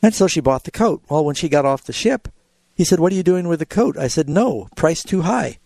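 A man's voice: a little high, expressive, fast talker, warm tone, dry recording. A man hosting a call-in radio show, answering Bible questions in an explanatory way and acting out the quotes he cites. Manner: explanatory, tells anecdotes, acts out quotes.

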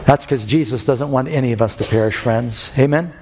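Guy preaching a sermon, mid pitch, long hall echo, drags out verses then gets loud and high. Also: a little hiss or hum. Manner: rising to loud, high-pitched bursts in dramatic moments; slows down sharply for scripture and emphasis. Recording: long hall reverb with faint music.

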